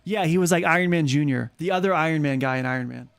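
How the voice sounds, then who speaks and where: A man hosting and shoutcasting a game tournament on stream. He rambles and jokes between calls, with a voice that sits a little high for a man. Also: quick pace, creaky. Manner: rambling, joking, full of fillers. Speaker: host and caster. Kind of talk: casual esports shoutcasting stream.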